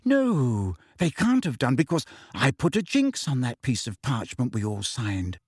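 A man reading aloud and voicing a clever, bossy teenage schoolgirl witch with a brisk, prim manner. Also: medium pitch, wildly swooping pitch, darkish tone, breathy edge, no echo, clean studio sound, full character voice. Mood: grim.

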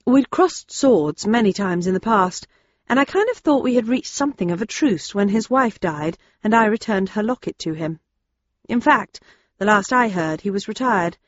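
A woman narrating a first-person audiobook in a steady, understated way. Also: medium pitch, normal speed, dull audio.

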